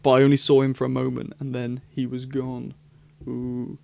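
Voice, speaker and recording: A young adult man chatting through a casual commentary vlog, excitable and rambling. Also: medium pitch, a little fast, vocal fry, dry recording, clean studio sound. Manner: excitable, rambling, animated reactions. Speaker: YouTuber.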